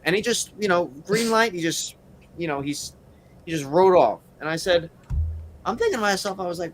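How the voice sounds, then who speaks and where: A man's voice: high voice, moderate pace, a bit bright, a little hiss or hum. Rambling man telling a story. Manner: rambling, full of fillers and "you know". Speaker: wrestler guest. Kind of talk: casual interview storytelling.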